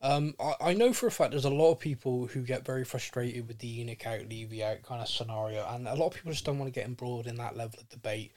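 A man's voice: mid-range voice, quick pace, few pauses, darkish tone. A man hosting a casual podcast chat, teasing and jokey with his guest. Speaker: podcast host.

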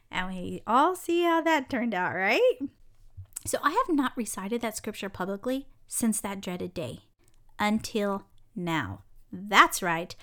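A woman hosting her own podcast tells a personal story in a casual monologue, animated and bubbly, often breaking into laughter. Her voice sits a little high, and her storytelling stays warm and chatty throughout.

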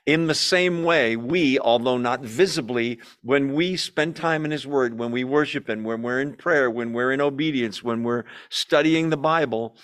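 A man's voice: mid-range voice, moderate pace, few pauses, a bit bright. A man teaching a Bible study in a conversational way, explaining terms plainly with some fillers.

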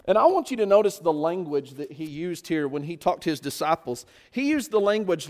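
A man's voice: a little high, sing-song, fairly quick, few pauses. A man preaching a sermon, often putting rhetorical questions to his listeners.

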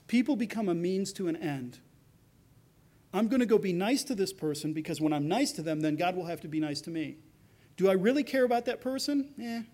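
Male pastor, higher voice, earnest sermon that acts out quoted speech. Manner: earnest, acts out quoted voices, drops soft for tender lines.

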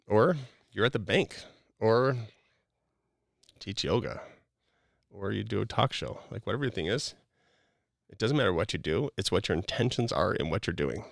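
A man's voice: lowish voice, lively intonation, normal speed, vocal fry, long pauses, no room sound, studio quality. A middle-aged man, a podcast guest, talking in an earnest, preachy, motivational way with many casual "like" fillers.

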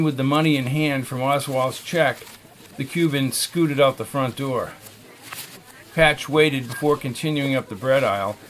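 A man narrates an audiobook in a steady, measured way. His voice sits at an average pitch, with faint noise behind it. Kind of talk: scripted narration.

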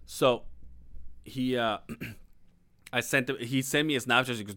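A man's voice: mid-range voice, a little slow, pushed and bright, no room sound, clean studio sound. A man co-hosting a casual podcast, telling a long story with lots of swearing and laughing as he goes. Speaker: podcast co-host.

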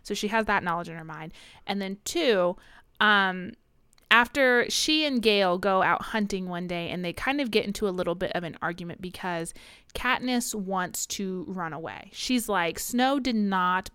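A woman's voice: mid-range voice, normal speed, pushed and bright, smooth, no room sound, clean studio sound. A woman co-hosting a podcast, chatting casually about a novel, often laughing and briefly mimicking characters. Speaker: podcast co-host. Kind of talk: casual book-club chat.

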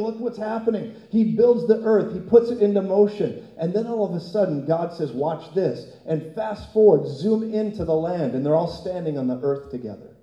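A man preaching a sermon in animated storytelling, laughing often. His voice is dark and mellow, pitched a little high. The sound rings through an echoey church hall. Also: lo-fi sound. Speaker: pastor.

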